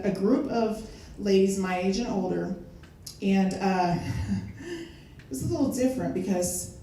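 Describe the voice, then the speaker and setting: A woman's voice: mid-range voice, dark tone, slight background noise. An older woman doing a stand-up comedy set, telling stories conversationally with fillers and laughter. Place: live comedy venue. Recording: echoey venue from far off.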